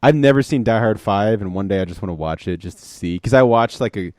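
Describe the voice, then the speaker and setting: A man co-hosting a casual podcast, talking in a rambling way with lots of fillers and animated retellings. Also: fairly low pitch, fast talker, no room sound, studio quality. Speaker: podcast co-host. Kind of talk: casual chat.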